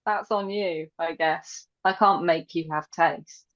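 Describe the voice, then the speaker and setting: A woman's voice: on the low side, fairly even intonation, slow, highs cut off. A woman guest on a podcast, talking casually in a cheeky way, laughing and swearing.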